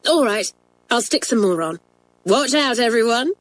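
A woman's voice: on the high side, normal speed, voice pushed up. A woman doing a mischievous, giggly schoolgirl. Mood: gleeful. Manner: excited, bold.

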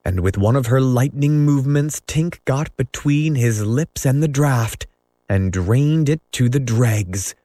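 Male storybook narrator, slow and measured, dark mellow tone, dry close sound. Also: medium pitch, no echo. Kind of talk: storybook reading.

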